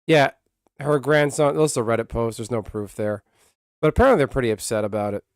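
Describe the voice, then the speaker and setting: A man talks casually on a livestream, ranting bluntly with frequent swearing and restarts. His voice sits at an ordinary middle pitch. The sound is dry and close to the mic. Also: no room sound. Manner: blunt, profane, rambling with many restarts. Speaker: streamer.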